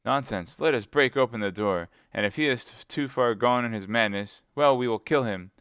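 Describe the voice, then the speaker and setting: A man's voice: lowish voice, big pitch swings, fairly quick, fairly bright tone, dry recording, clean studio sound. A man doing an indignant English traveler. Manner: indignant, blustering. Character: angry hungry English gentleman traveler.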